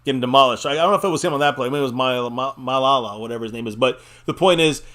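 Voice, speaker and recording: A man's voice: medium pitch, racing, a bit bright. Rambling man hosting a fan stream. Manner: loose, rambling, laughs often, swears casually. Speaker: live stream host. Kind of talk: casual sports chat.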